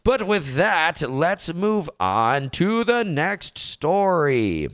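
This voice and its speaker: A man co-hosting a casual talk show, telling stories in a lively way and acting out heated arguments. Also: on the high side, very slow. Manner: animated storytelling, acts out quoted arguments loudly. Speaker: co-host.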